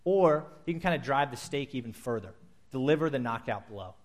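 A man's voice: medium pitch, lively intonation, fairly quick. A man, a pastor, preaching a sermon to his congregation in a conversational way, acting out quotes as he goes.

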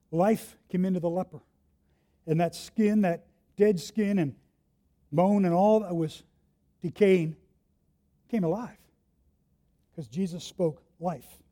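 A man preaching a sermon, telling the story vividly and swinging between hushed and loud delivery. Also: sits high. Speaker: pastor.

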